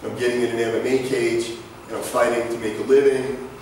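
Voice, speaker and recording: A man's voice: medium pitch, flat delivery, a little fast, a little mellow, slight background noise. Brief: middle-aged male speaker, mid-range voice, chatty anecdotal lecture style, distant echoey room sound. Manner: conversational storytelling with asides and jokes. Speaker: guest lecturer. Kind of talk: presentation to students. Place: large lecture hall. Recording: echoey hall from far off.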